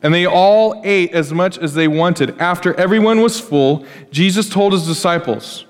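Animated male pastor in an echoey hall. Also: sits high, normal speed, few pauses. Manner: animated, conversational storytelling with acted-out quotes. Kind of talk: sermon. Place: church hall.

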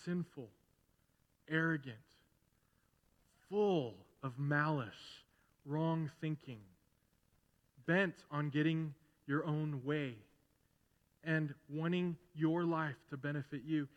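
A middle-aged man preaching a sermon as pastor in a conversational way, building to loud, emphatic repetition. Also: fairly high pitch, steady tone, takes it slowly, pauses often, muffled recording. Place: church sanctuary. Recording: long hall reverb in a church.

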